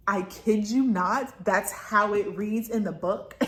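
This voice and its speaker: A woman's voice: medium pitch, normal speed, few pauses. Chatty woman rambling about a book. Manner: rambling and chatty, with many fillers and asides. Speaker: book reviewer. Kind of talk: casual book review chat. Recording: roomy echo.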